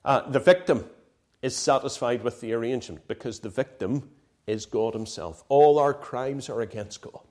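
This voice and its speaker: A man's voice: mid-range voice, normal speed, darkish tone. A man preaching a sermon in an impassioned, emphatic way, often asking his listeners "right?".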